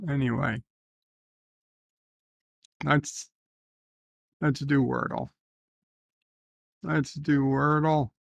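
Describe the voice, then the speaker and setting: A man hosting a casual livestream from his bedroom, reading viewer comments aloud and thinking out loud as he goes. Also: mid-range voice, fairly even intonation, extremely slow, gravelly, long pauses, no room sound. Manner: rambling, reads chat aloud, thinks out loud. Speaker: live stream host.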